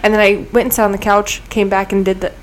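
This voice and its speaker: A woman's voice: mid-range voice, little pitch movement, quick pace, slight background noise. Rambling young woman telling a story. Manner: rambling storyteller, acts out quotes. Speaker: podcast co-host. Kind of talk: casual chat.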